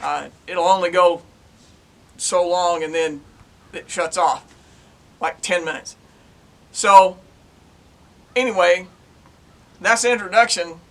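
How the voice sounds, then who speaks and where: Folksy high-voiced man telling stories. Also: slow, long pauses. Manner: folksy, plainspoken, animated retelling. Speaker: retired police officer telling stories. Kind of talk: casual storytelling to camera. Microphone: own camera.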